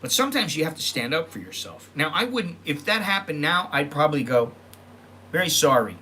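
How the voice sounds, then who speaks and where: Middle-aged guy from the states rambling through a story, kinda high voice, faint hum behind. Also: very animated, a little fast, sharp tone. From United States. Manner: rambling, with self-corrections and acted-out quotes. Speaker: vlogger. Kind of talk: casual storytelling monologue.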